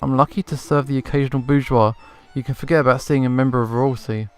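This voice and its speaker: A man's voice: mid-range voice, fairly even intonation, fast, a little mellow, clear, resonant tone, lightly acted. Guy reading a blunt game landlady, calls you hon, plain mid voice. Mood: frank. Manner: blunt, familiar. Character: brassy tavern landlady, middle-aged woman.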